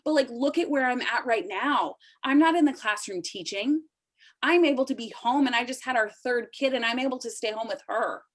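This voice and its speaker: A woman's voice: a little high, a little fast. A woman in her thirties leading a sales team call, giving an emotional, urgent motivational pep talk over a video call. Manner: emotional, urgent, pleading with listeners.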